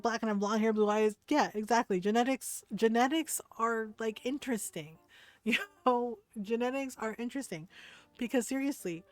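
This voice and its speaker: A woman whose first language is Tagalog tells a story while gaming on stream, swearing freely, laughing a lot and heatedly quoting her own words. Her voice is mid-range, with no room sound.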